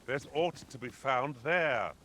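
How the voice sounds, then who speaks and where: A man's voice: mid-range voice, lively intonation, slow, fairly bright tone, a little hiss or hum. An actor playing a formal, dryly sarcastic male companion in a fantasy video game, with old-fashioned courtly phrasing. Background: game music.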